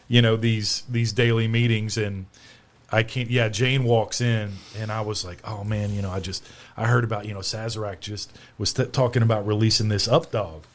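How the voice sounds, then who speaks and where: A man's voice: fairly low pitch, steady tone, moderate pace. A man with a Kentucky accent, a distillery co-founder telling stories in a casual chat and laughing often. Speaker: distillery co-founder, podcast guest.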